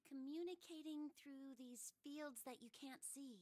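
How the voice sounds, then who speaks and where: An actress voicing a nervous, secretive young woman in a visual novel, speaking hesitantly and sometimes in a hushed whisper. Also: sits high, measured pace. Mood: earnest, probing.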